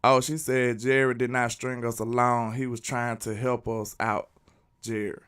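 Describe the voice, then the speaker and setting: Guy doing a chill sports live stream, smooth clear voice, reads chat out. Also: mid-range voice, flat delivery, a little slow, fairly bright tone. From Alabama. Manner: casual, talks to chat viewers; reads out and answers chat comments. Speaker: sports channel host.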